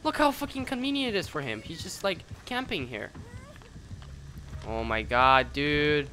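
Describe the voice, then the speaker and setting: A man commentating his own match live, his pitch leaping all over as he reacts. His tone is bright and sharp, and he swears freely, dropping to mutters and then bursting into yells. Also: a little slow, a little hiss or hum. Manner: excitable, profane, swings between mutters and shouts.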